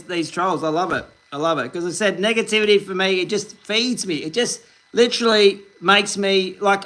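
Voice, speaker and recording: An Australian man in his forties hosts a fishing livestream, chatting upbeat and rambling as he reads viewers' comments and greets them by name. His voice is high-pitched, pushed and bright, in a casual live-stream chat.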